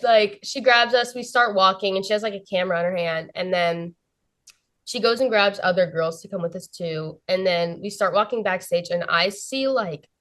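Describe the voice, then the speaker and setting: A young woman, a guest on an interview show, excitedly telling a story and filling her sentences with "like" and "literally". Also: mid-range voice, normal speed. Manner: breathless, fills every phrase with "like" and "literally".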